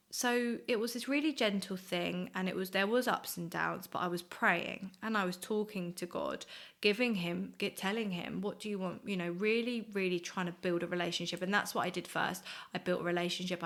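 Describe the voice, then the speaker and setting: A woman, sharing a personal faith testimony in an earnest, reflective, halting way. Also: on the low side, fairly even intonation, creaky, a bit bright. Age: 20s. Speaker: guest sharing her faith story.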